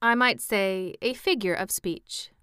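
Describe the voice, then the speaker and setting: A woman voicing an earnest, slow-witted male pumpkin-headed wooden man in a storybook reading. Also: mid-range voice, sharp tone, smooth, no room sound, clean studio sound.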